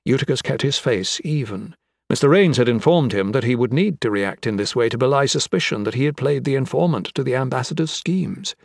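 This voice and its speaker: Man, audiobook narrator, measured dramatic reading, mid pitch, dry close recording. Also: expressive, gravelly, no room sound.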